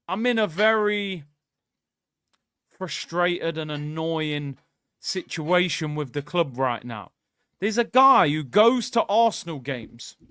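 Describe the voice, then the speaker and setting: A young man hosting a live football watchalong, ranting sarcastically about his club and at times breaking into loud excited shouting. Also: fairly high pitch, takes it slowly, smooth, no echo, clean studio sound. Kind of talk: casual live-stream rant.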